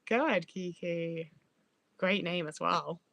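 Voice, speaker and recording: A woman hosts a livestream, chatting casually in a rambling, sweary way, often trailing off and restarting mid-sentence. Her voice is lowish, slow, and a bit bright, with vocal fry.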